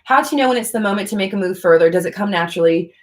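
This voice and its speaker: A woman's voice: medium pitch, racing. A woman hosting a livestream, answering viewer questions in a blunt, frank casual chat, swearing freely. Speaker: livestream host.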